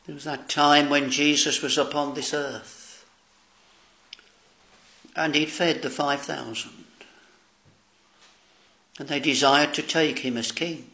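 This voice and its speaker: Slow gravelly male preacher. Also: on the high side, fairly even intonation, sharp tone. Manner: slow, solemn preaching with archaic scripture phrasing. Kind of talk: sermon.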